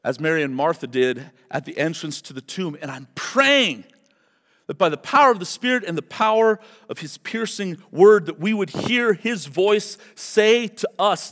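A man preaching a sermon as pastor, swinging from quiet, low remarks to loud, emphatic declarations. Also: moderate pace, in a large hall.

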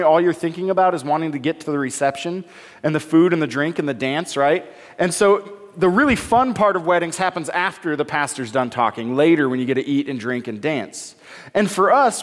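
Joking pastor in a reverberant hall. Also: male voice, on the high side. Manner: conversational and joking, acts out the quoted dialogue. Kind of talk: sermon with Bible reading. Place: church hall.

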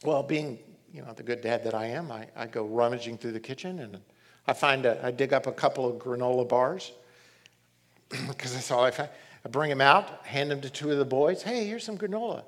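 A middle-aged man preaching a sermon as pastor, reading scripture and telling stories in an animated way. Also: medium pitch, normal speed. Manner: animated storytelling, reads scripture aloud.

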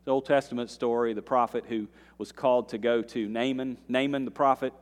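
A male pastor preaching a sermon, swinging between quiet earnest passages and loud, rising bursts, with folksy asides to the congregation. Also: mid-range voice, steady tone, brisk. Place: church sanctuary. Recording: long reverb of a church hall.

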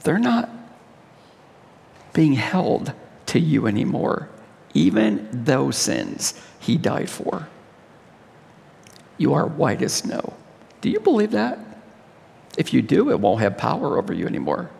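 A male pastor leading communion with an impassioned sermon, swelling to high cries and dropping to hushed tones. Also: big pitch swings, unhurried, creaky, long reverb tail.

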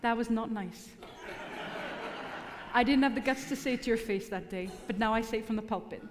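A woman's voice: fairly high pitch, brisk, background noise. A middle-aged woman preaching a sermon in church, mixing earnest appeals with teasing humor. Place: church hall. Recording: long hall reverb.

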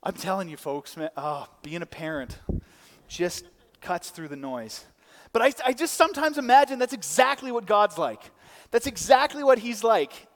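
Man preaching, fairly high voice, lively storytelling, long reverb of a big hall. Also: normal speed. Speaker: pastor. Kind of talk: sermon.

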